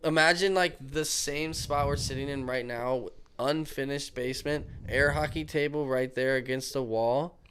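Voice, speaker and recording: A young man co-hosting a podcast in a basement, telling lively stories in casual chat. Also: medium pitch, normal speed, few pauses, slight background noise. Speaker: podcast co-host. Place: unfinished basement.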